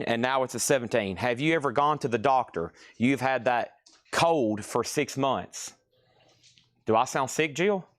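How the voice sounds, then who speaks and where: A man hosting a live online record sale, rattling off prices and bids in rapid salesman patter, with audible nose breathing on a close mic. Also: mid-range voice, no echo. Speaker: live-stream auction host. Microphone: mic right next to his mouth.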